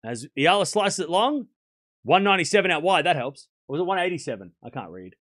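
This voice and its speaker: Bright, lively man calling tennis live. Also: fairly high pitch, quick pace. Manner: chatty play-by-play, reads out donations; laughs often, excitable. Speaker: tennis stream host. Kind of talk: live watchalong commentary.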